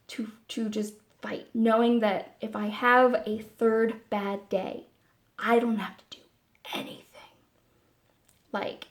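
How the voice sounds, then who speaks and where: A woman talking casually to camera in a personal vlog, meandering and halting, with many fillers and restarts. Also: medium pitch. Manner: soft and candid. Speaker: vlogger.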